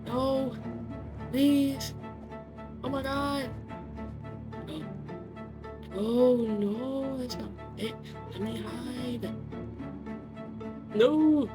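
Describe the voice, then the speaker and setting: A young woman gamer with a scratchy, higher-pitched voice provides let's play commentary on a horror game, drawing out her words and pausing often. She's jokey and self-mocking, with giggly asides, and music plays in the background.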